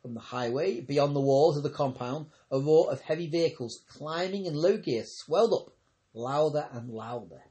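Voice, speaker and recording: A man's voice: fairly high pitch, moderate pace, dark tone. A man reading a novel aloud as an amateur audiobook narrator, who stumbles over words now and then and corrects himself. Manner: reads with occasional stumbles and self-corrections. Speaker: audiobook reader. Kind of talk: scripted narration.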